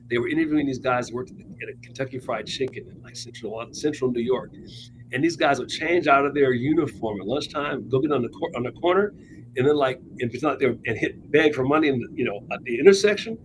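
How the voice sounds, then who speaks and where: A man's voice: mid-range voice, quick pace, background noise. A man co-hosting a political talk show, telling anecdotes in a chatty, wry way. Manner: chatty, wry, laughs at his own points. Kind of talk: casual political chat, anecdotal storytelling.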